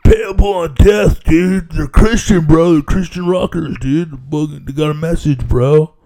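A man's voice: on the high side, measured pace, warm tone. A middle-aged man hosting a comedy podcast, rambling casually in slang and profanity and laughing often.

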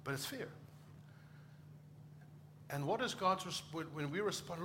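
A man's voice: sits high, expressive, a little slow, pauses often, bright, forceful tone, slight background noise. A middle-aged man from Africa, a pastor preaching a conversational sermon and acting out short quoted exchanges.

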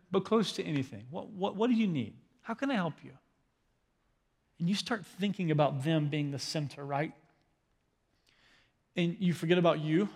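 A young adult male pastor giving a conversational sermon on parenting, often checking in with "right?". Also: a little high. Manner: conversational, asks the room "right?". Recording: long hall reverb.

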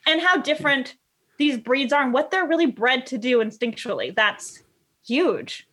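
A woman dog trainer chatting as a podcast guest, telling animated stories and acting out what people said. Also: high voice, moderate pace. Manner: animated storyteller, acts out quotes. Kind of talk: casual podcast chat.

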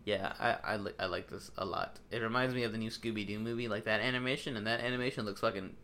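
A man's voice: lowish voice, fast talker. A man hosts a casual podcast in an easygoing voice. He swears freely and pads his sentences with "uh" and "like" as he goes. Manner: relaxed, profane, hesitant with fillers. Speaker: podcast host. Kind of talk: casual chat.

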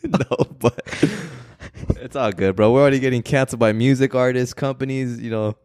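A man's voice: mid-range voice, brisk, dry recording, clean studio sound. A man co-hosting a podcast, joking around casually and calling his friend bro. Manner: relaxed joking banter, calls people bro. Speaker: podcast co-host. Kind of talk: casual chat.

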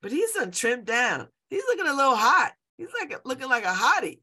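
Hosting a show, a woman in her fifties talks casually to listeners and drifts from one story to the next, laughing often and repeating herself. Her voice is bright, forceful and husky, pitched high with a sing-song lilt and a brisk pace.

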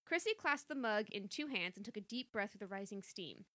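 Giggly woman reading a goofy story out loud, bright tone, dry close mic. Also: medium pitch, lively intonation, a little fast, no echo. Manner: playful, giggly. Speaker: co-host.

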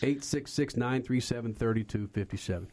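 A man's voice: mid-range voice, brisk, a little mellow. A man hosting a motorsports radio talk show, brash and joking, stuffed up with a head cold.

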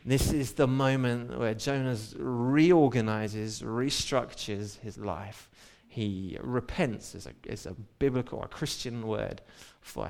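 A man's voice: medium pitch, creaky, darkish tone. Conversational male preacher retelling scripture. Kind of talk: sermon. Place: church.

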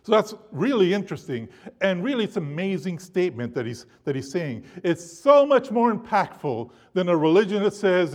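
A man preaching a sermon to a congregation, animated and emphatic, his loudness rising and falling. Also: sits high, moderate pace. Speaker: pastor.

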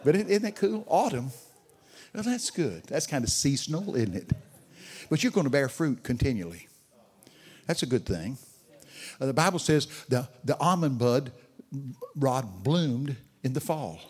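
A man's voice: medium pitch, big pitch swings, measured pace, pauses often, slightly rough. An older man preaching a sermon as a guest speaker, telling stories and chatting with people in the audience. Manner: storytelling, chats with audience members.

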